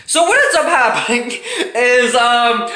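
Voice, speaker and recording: A woman telling a casual storytime vlog with animated, dramatic delivery and plenty of swearing. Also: fairly high pitch, slow. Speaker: storytime YouTuber. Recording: roomy echoing room.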